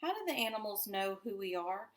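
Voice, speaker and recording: A woman's voice: mid-range voice, very animated, fairly quick, natural voice. A woman voicing a nervous, curious young boy in a storybook reading.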